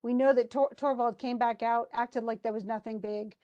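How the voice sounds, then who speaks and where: A woman's voice: on the high side, fairly even intonation, normal speed, dark tone, lo-fi sound. A woman teacher walking a class through a play scene, reading the characters' lines aloud between her own explanations and restarts. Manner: reads quoted lines aloud with restarts and asides. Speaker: literature teacher. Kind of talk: lecture retelling a play scene.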